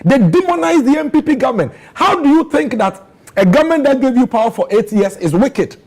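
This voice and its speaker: A man's voice: very high voice, expressive, a little fast, a little mellow. A Ghanaian man with a Ghanaian accent, arguing hotly as a panelist in a political debate on morning television, pressing questions and repeating lines with growing outrage. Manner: impassioned, rising to pleading outrage.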